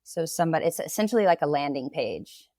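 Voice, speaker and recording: Real estate agent, woman, low voice, conversational, dry close mic. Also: animated, fast, mellow, dry recording. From Oklahoma. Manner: conversational, explaining at length with laughs. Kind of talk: casual podcast interview.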